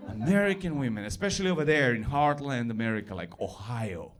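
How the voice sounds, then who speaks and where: A man's voice: medium pitch, expressive, a little fast. A middle-aged man from former Yugoslavia with a Balkan accent, doing a stand-up comedy set on a club stage into a handheld mic, often laughing through his punchlines.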